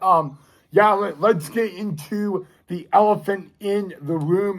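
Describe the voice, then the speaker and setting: A young man talking casually to his viewers as a fan vlogger, eager and excitable, often calling them "guys". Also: high voice. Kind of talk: casual direct-to-camera talk.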